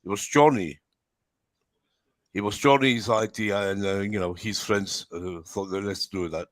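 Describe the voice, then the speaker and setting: A man hosting a casual football fan livestream, talking in a halting way with many fillers and restarts. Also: lowish voice, fairly even intonation, no echo. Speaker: host of fan channel livestream. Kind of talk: casual heated fan debate.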